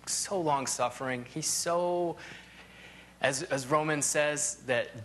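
A man's voice: a little high, takes it slowly, a bit bright, a little hiss or hum. A man teaching a Bible lesson in a loose, conversational way, often trailing off with asides and restarting his sentences. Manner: rambling, full of "you know" asides and restarts.

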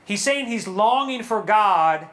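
A woman giving a sermon to young adults at a retreat, animated and asking the audience questions. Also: mid-range voice, slow. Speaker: retreat speaker. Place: retreat hall.

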